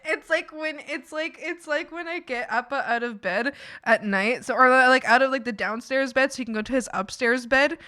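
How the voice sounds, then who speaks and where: Woman streamer chatting while she draws, lively storyteller, higher voice, dry close sound. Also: moderate pace, no room sound. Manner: animated storytelling, acts out quotes, laughs often. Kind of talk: casual chat while drawing.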